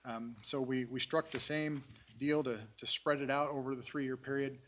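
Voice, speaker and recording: A man from city staff briefing a council at a public meeting, halting, with many fillers and restarts. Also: mid-range voice, flat delivery, fairly bright tone. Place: council chamber.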